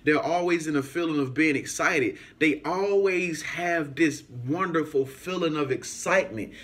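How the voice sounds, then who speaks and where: This somewhat high-voiced YouTuber rambles through an anecdote aimed straight at his audience. Fillers pile up in his casual, animated delivery, and he keeps acting out the story by jumping into different characters' voices.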